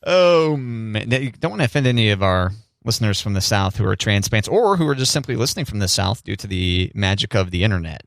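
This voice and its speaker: A man's voice: medium pitch, animated, a little fast, gravelly, dry recording, studio quality. A man co-hosting a radio show, bantering casually with joking, rambling asides.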